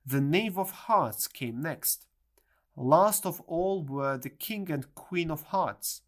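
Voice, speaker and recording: A reader narrating a storybook in a clear, measured way. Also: mid-range voice, lively intonation. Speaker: audiobook reader.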